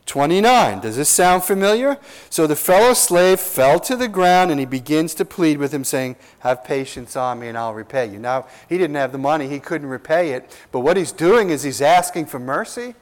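Preaching expository scripture with earnest emphasis, this pastor draws out his stressed words and asks rhetorical questions. His voice sits a little high and is expressive.

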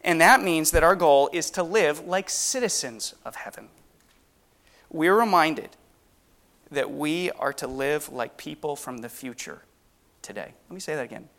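Man, preacher; earnest sermon delivery with rhetorical questions, a touch higher voice. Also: expressive, a little slow, fairly bright tone.

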